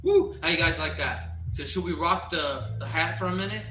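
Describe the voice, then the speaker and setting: A man hosting a casual livestream with a bright, slightly high voice. He rambles, trips over restarts and reads search results aloud. He sounds roomy and a little away from the mic, with faint music behind. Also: fairly quick, far from the mic, slight background noise. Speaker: livestream host.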